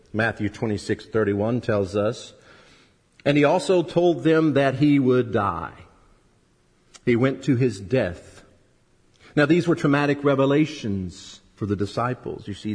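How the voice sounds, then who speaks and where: Male preacher, husky voice, emphatic sermon delivery, rhetorical questions, long hall reverb. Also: a little mellow. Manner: emphatic, rising and dropping in pitch and volume, rhetorical questions.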